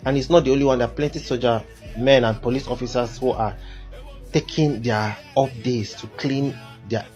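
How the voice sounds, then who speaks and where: A Nigerian man with a Nigerian accent telling a casual story to camera, animated and dropping into pidgin. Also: medium pitch, moderate pace, faint music behind.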